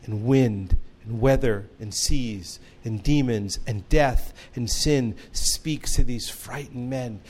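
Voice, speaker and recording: Male pastor, measured unhurried sermon delivery, earnest storyteller with light humor. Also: mid-range voice, a little mellow, husky.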